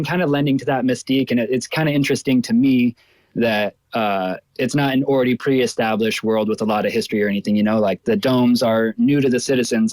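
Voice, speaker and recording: A man's voice: fairly low pitch, darkish tone, dry recording, poor audio. A man co-hosting a casual online voice chat, musing in an easygoing way with many fillers. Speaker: co-host. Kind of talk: casual chat on a live audio space.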